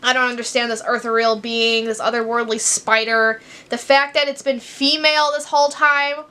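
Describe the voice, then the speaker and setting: Young woman, book vlogger, casual rambling chat, filler-heavy, bright tone, teary. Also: a little high, little pitch movement, normal speed, clean tone. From Chicago, USA. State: teary, crying at times.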